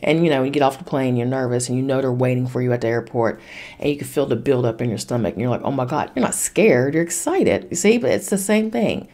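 Low, mellow-voiced woman podcaster. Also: lively intonation, quick pace. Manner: blunt and emphatic, swears freely, repeats commands. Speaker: podcast host. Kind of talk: casual spiritual self-help talk.

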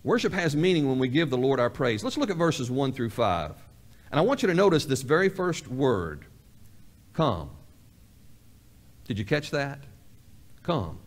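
A male pastor delivering a sermon in a folksy way, repeating key phrases for emphasis and acting out imagined conversations. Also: a little high. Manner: acts out both sides of imagined dialogues. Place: church sanctuary.

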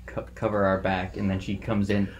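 A man with a fairly low voice keeps up a joking, teasing commentary as his friend plays. A faint hiss sits under the recording. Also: flat delivery, normal speed, lo-fi sound. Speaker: gaming co-host. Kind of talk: casual let's-play banter.

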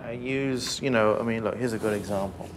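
A man's voice: lowish voice, a little fast, background noise. A man working as a head chef, talking intensely and swearing as he barks orders. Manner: intense, profane, barking orders. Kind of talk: documentary interview and kitchen shouting. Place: restaurant kitchen.

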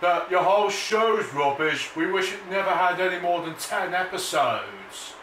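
A man's voice: high voice, expressive, measured pace, a bit bright, voice pushed up. A man voicing a mocking male heckler who jeers and insults him, in an echoey room from a distance. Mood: scornful. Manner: taunting, insulting, childish jeers. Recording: echoey room, distant mic, background noise.

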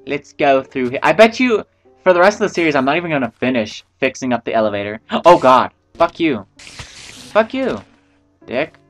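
A man's voice: mid-range voice, expressive, brisk, faint music behind. A man giving casual let's-play commentary, rambling to himself and swearing freely. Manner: rambling, profane, talks to himself. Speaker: gameplay commentator.

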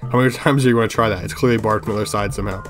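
A man's voice: on the low side, steady tone, very fast, music in the background, close to an everyday voice. A man reading the lines of a scornful young woman, a sister who mocks and needles her brother bluntly, in a horror game playthrough. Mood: needling. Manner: mocking, blunt.

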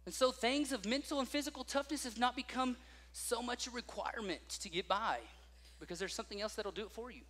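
A man preaching a sermon as pastor, telling stories with lively acted-out voices. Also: very high-pitched, fairly quick, in a large hall. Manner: animated storytelling with acted-out voices.

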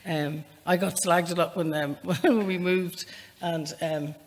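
A woman's voice: on the low side, steady tone. Irish woman reading aloud in a reverberant hall. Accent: Irish, with a northern lilt. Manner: chatty and self-deprecating, then measured reading. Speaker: author. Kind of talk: live conversation and reading aloud from a novel. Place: public library event space, indoors.

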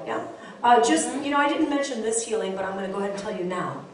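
An older woman preaches with a high, bright voice, animated and storytelling, calling out to the people before her. She is heard from a distance in a very roomy church hall. A congregation murmurs amens behind her. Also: fast talker, a crowd in the background. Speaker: pastor. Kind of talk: sermon. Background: congregation responding amen.

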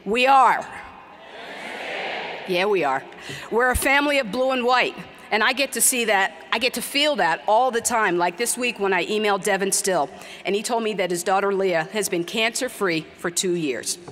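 A middle-aged woman with a mid-range voice delivers an earnest, emphatic commencement speech in a large hall, with slow, repeated exhortations. The recording has a noisy background and long hall reverb.

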